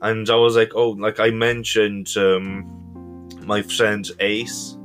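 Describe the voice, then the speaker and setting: Rambling Irish teen guy, lowish voice. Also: flat delivery, slow, fairly bright tone, faint music behind. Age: teens. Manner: rambling, full of fillers and swearing. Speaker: storyteller. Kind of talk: casual storytime monologue.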